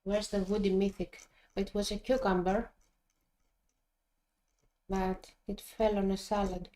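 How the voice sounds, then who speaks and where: A woman's voice: medium pitch, flat delivery, measured pace, mellow. A woman from Greece with a Greek accent, chatting casually and teasing on a stream. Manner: playful, teasing.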